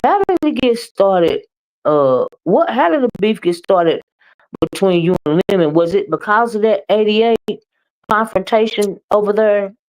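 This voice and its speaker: A woman hosting a casual live-stream gossip show, talking in a sassy, emphatic, drawn-out way. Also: medium pitch, lively intonation, a little mellow. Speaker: live-stream commentary host.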